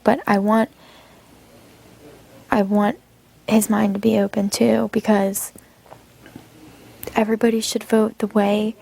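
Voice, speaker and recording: A woman speaking reflectively about strategy in a calm confessional tone. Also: mid-range voice, creaky, husky. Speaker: reality show houseguest.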